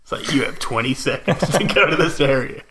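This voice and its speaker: A man's voice: medium pitch, animated, brisk, crowd noise. A man co-hosting a casual film commentary chat, laughing often and acting out quoted lines. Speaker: podcast co-host.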